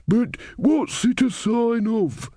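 A man's voice: extremely high pitch, lively intonation, slow pace, dark tone, no room sound, studio quality, pitched above the performer's own voice, exaggerated voice. A man voicing a boring, know-it-all elderly man with a droning, unstoppable voice. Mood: puzzled.

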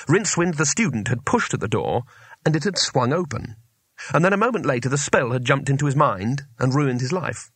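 A man narrating an audiobook in a lively storytelling manner. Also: mid-range voice, slightly rough, no echo. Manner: animated, varied storytelling.

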